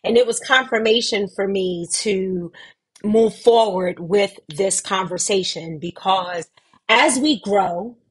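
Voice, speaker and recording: A middle-aged woman hosts a casual livestream, her pitch sitting in a middle range. She talks at an unhurried, deliberate pace, stretching words out for emphasis. She greets viewers warmly and reads their comments aloud with affection. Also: husky. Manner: slow, drawn-out emphasis with lively pitch lifts. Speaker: host of a weekly community livestream.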